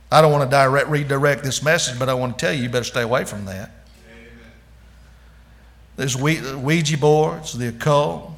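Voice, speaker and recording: A male pastor preaching a sermon in an earnest, emphatic way, calling the listeners "friend" and swinging from soft, low passages to loud declarations.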